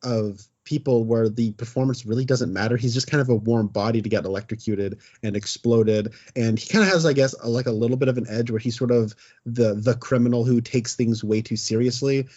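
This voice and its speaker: A man's voice: mid-range voice, steady tone, fairly quick, few pauses, a little mellow. Man, podcast co-host, casual rambling chat, hesitant, dull lo-fi sound. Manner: rambling, hesitant, many fillers.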